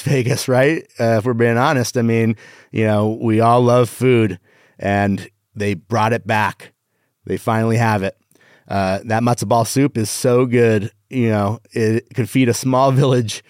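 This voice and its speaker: A middle-aged man hosting a casual podcast, reading corny one-liners and pushing his punchlines high in pitch. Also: fairly even intonation, unhurried, darkish tone, no echo, studio quality. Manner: reads jokes aloud with exaggerated rising punchlines. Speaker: podcast host. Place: Las Vegas.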